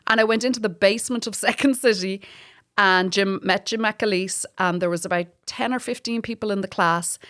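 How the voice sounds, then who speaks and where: An Irish woman appears as a comedian guest in a relaxed conversation, her mid-range voice moving fairly quickly. She tells lively stories, swears freely, and laughs a lot.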